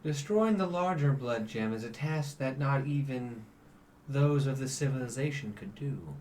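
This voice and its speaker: A man's voice: medium pitch, expressive, normal speed, a little mellow, a little hiss or hum, lightly acted. A man doing a solemn celestial angel statue.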